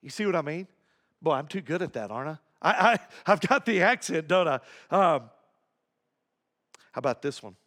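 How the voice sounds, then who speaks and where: A male pastor preaching a sermon, emphatic, repeating key phrases and swinging between low asides and raised points. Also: animated, normal speed, pauses often, a bit bright.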